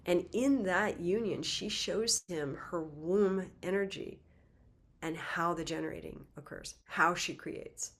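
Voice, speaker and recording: A woman giving a spiritual talk, telling a myth in a lively, conversational way with casual asides. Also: fairly low pitch, takes it slowly. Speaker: spiritual teacher. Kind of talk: casual storytelling lecture.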